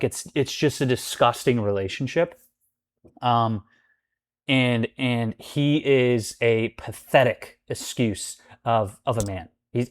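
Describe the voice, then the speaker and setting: A young man venting to camera about his roommate and landlord, cursing often, heated and rambling with restarts. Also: medium pitch. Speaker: vlogger. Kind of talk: angry venting monologue.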